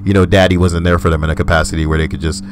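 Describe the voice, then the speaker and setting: A man's voice: deep voice, flat delivery, racing, background noise. A young man hosting a comedy show, giving profane, emphatic, ranting commentary on the stories he reads. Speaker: host reading stories.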